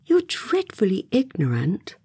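A woman's voice: medium pitch, huge pitch swings, measured pace, a little mellow, slightly rough, dry recording, clean studio sound, exaggerated voice. A woman voicing a polite, proper little girl who talks in a courteous, slightly patronizing way in a storybook reading. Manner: courteous, prim storybook delivery.

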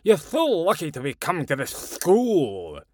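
Man voicing an ancient headmaster, stern, condescending, higher than his own voice, lively swoops, dry close sound. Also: a little slow, no room sound, heavily acted.

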